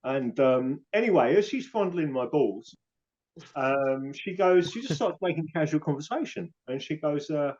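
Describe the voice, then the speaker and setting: A young man co-hosting a family podcast, telling an awkward story with deadpan comic timing and acting out the dialogue. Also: a little high, moderate pace, highs cut off. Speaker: podcast co-host, son.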